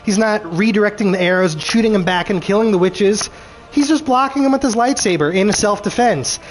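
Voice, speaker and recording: A man ranting through a show recap, animated and frustrated, swearing freely and acting out characters' lines. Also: high-pitched. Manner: acts out characters' lines in quick voices.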